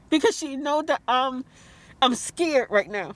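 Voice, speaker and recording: High-voiced woman, upset and rambling. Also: animated, a little slow. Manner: upset, rambling, repeats herself; outbursts of disbelief. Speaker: vlogger. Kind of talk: emotional vlog rant.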